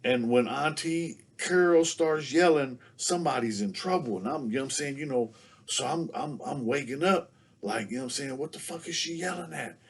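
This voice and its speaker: A man tells a loose, casual story as a guest, at a medium pitch. He fills almost every phrase with "you know what I'm saying" and "you know." He keeps a relaxed, unhurried pace. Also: breathy edge.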